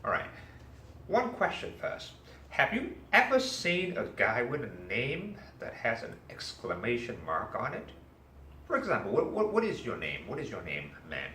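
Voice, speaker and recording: A man's voice: mid-range voice, moderate pace, a little hiss or hum. A man teaching a class, telling a story and asking his students questions. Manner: animated, asks the class questions. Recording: echoey room, mic far off, faint ambience.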